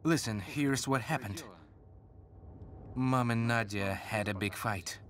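A man dubbing a worried young husband in a TV drama who tries to keep the peace, speaking in a measured way. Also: medium pitch, fairly bright tone, slight background noise. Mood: strained. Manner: slow and measured. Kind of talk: dubbed TV drama.

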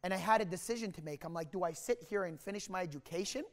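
High-voiced man in an echoing hall. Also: fast talker. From Canada. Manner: energetic, rambling, many restarts, acts out quoted voices. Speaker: motivational sales speaker. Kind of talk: motivational storytelling talk. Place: large hall at a sales rally. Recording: reverberant hall sound.

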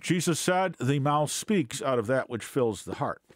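A man's voice: mid-range voice, animated, a little slow. A man giving an unscripted Bible teaching, hesitant with many fillers and restarts, then pressing points with scornful emphasis.

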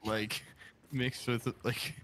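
A man's voice: medium pitch, level tone, slow, bright, forceful tone, a little hiss or hum. A young man gaming with friends over voice chat, chatty and casually swearing.

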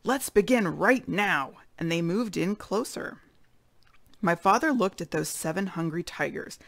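A woman's voice: lowish voice, creaky, no room sound. Woman reading a storybook aloud. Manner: expressive storytelling. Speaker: read-aloud narrator. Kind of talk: reading a children's chapter book aloud.

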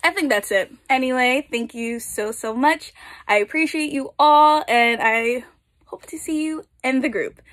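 A woman's voice: sits high, a little slow, fairly bright tone. A young woman author chatting casually to her viewers, upbeat and a little out of breath while in a rush. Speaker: author and channel host. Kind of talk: casual chat to camera.

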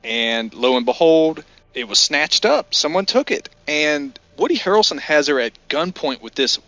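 A man's voice: a little high, animated, moderate pace, fairly bright tone, no room sound, dull audio. A man co-hosting a casual movie podcast, retelling scenes with enthusiasm. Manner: enthusiastic storyteller, acts out lines. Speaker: podcast co-host. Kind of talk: casual movie review chat.

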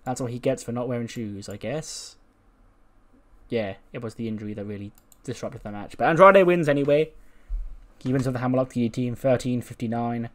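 A man's voice: mid-range voice, a little fast. A man casually commenting on a wrestling management game, chatty and joking. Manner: chatty, laughs at his own jokes.

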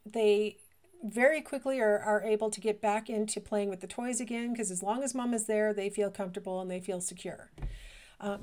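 A woman's voice: fairly high pitch, darkish tone. A middle-aged woman giving a recorded college lecture in a conversational, explanatory way, with frequent fillers.

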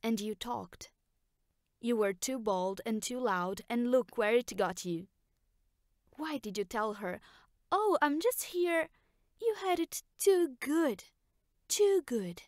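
A woman's voice: a little high, expressive, dry recording, clean studio sound. A woman actor playing a reproachful woman's voice of blame in an experimental theater monologue. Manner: measured and reproachful. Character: slow, brooding woman voice of blame. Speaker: stage actor.

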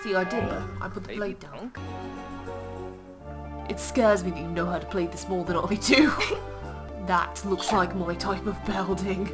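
A woman playing Ciel, a bossy young boy earl, in cosplay role-play over a video game. She teases dryly and breaks into laughing shouts. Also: on the low side, a little slow, long pauses, lightly acted. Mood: haughty. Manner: bossy, dry teasing, bursts into laughing shouts. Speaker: gaming channel host. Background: game music.

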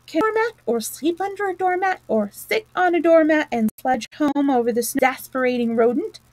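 A woman's voice: sits high, animated, fairly quick, a little mellow, no echo, pitched above the performer's own voice, poor audio. Woman doing a fussy, whiny little mole. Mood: huffy. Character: fussy anxious male mole, small and pedantic.

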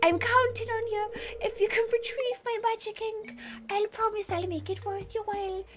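A woman voicing an old male wizard in a hushed, theatrical put-on Irish accent, reading game dialogue aloud. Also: very high-pitched, fairly even intonation, moderate pace, pitched above the performer's own voice. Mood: solemn, hushed. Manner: hushed, lilting, theatrical storytelling.

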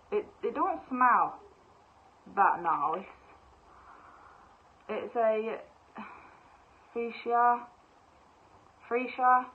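A young woman, bubbly and excitable, chatting casually through a shopping haul with lots of fillers. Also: medium pitch, slightly rough. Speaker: vlogger. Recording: tinny phone-like sound.

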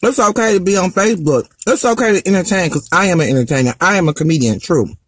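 A man's voice: high-pitched, lively intonation, quick pace, a bit bright, husky. A male comedian ranting on a live stream, brash and profane, slipping into a sing-song, preaching delivery.

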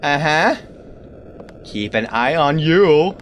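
Animated man narrating a game. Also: fairly high pitch, slow, long pauses, slight background noise. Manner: animated, talks to game objects, sudden exclamations. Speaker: gaming video creator. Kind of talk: let's-play commentary.

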